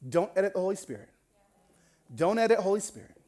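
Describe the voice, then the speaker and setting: A middle-aged male pastor preaching a sermon, telling a story and acting out the people in it with lively voices. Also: high voice, fast talker. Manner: animated, acts out the people in his stories.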